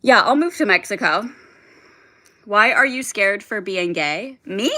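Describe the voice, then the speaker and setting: A woman's voice: mid-range voice, lively intonation, a little slow, pushed and bright. A young woman hosting a casual livestream, rambling with lots of "like" and swearing while reading and answering viewer comments. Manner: rambling, heavy filler "like", frequent swearing, reads and answers chat. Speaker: livestream host.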